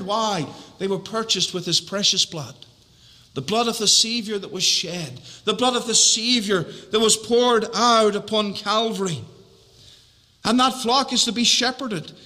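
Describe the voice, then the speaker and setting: A man preaching a sermon slowly and deliberately, repeating key phrases for emphasis. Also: sits high, bright, forceful tone. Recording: echoey hall reverb.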